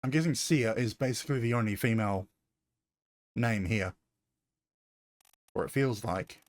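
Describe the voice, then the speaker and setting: A man's voice: lowish voice, moderate pace, no room sound. A man playing a video game and thinking aloud in casual commentary, often correcting himself. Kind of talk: let's-play commentary.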